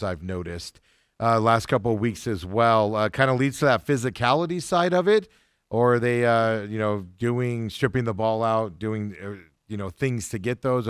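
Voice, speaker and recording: A man's voice: mid-range voice, clear, resonant tone, no echo, studio quality. A man hosting a sports show, asking long, easygoing questions in casual chat.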